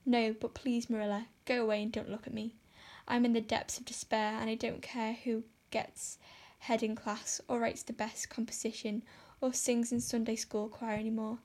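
A woman reading an audiobook speaks as a dramatic young girl full of tragic feeling. She pleads and laments in overwrought phrases, in a fairly high voice with a flat melody. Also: normal speed, few pauses, lightly acted. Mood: despairing. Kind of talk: audiobook character voice.

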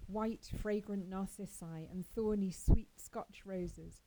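A woman narrating a classic story in a measured, expressive storytelling manner. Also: mid-range voice, slight background noise, low-quality recording. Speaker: audiobook narrator. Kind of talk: scripted narration.

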